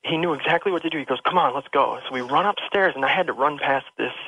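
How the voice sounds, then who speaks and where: A man's voice: fairly high pitch, rapid-fire, pushed and bright, breathy edge, dry recording. A man calling into a radio show over the phone, telling a personal ghost story in a rambling, emotional way with many restarts. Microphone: telephone. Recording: dull lo-fi phone line.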